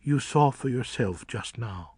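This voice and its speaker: A man voicing an old, kindly female fruit bat who speaks in a gentle, soothing way. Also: medium pitch, lively intonation, unhurried, slightly rough, no echo.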